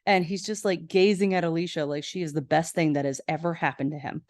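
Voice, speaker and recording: A woman's voice: deep voice, fairly even intonation, a little fast, darkish tone, no room sound, clean studio sound. A woman hosting a podcast, casually recapping a TV episode with chatty asides and frequent laughter. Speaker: podcast host.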